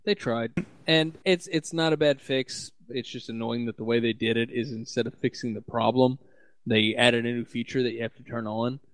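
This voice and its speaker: A man's voice: medium pitch, steady tone, moderate pace, dry recording. A man hosting a casual tech podcast, sardonic, laughing often as he reads news items aloud. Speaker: podcast host.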